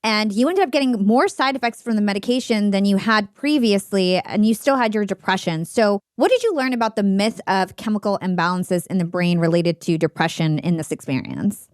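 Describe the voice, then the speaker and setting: Measured woman podcast host, dry sound. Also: mid-range voice, no room sound. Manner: measured and earnest, reads prepared notes. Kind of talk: scripted intro, then interview questions.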